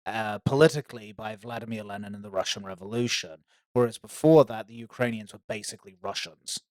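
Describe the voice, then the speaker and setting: A man's voice: on the low side, fairly even intonation, brisk, no room sound. A man co-hosting a podcast in casual chat, hesitant and stammering through restarts. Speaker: podcast co-host.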